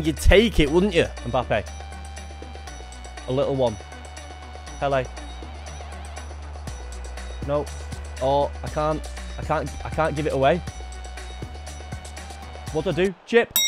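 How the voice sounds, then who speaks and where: A young man giving lively live commentary on his own gameplay, talking to himself and bursting into shouts. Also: on the high side. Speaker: gaming YouTuber.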